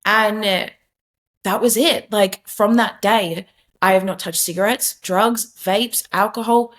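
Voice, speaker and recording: A woman's voice: mid-range voice, steady tone, slow, a bit bright. Earnest young woman sharing testimony. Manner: earnest, emphatic, many fillers and restarts. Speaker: podcast guest. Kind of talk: candid testimony in conversation.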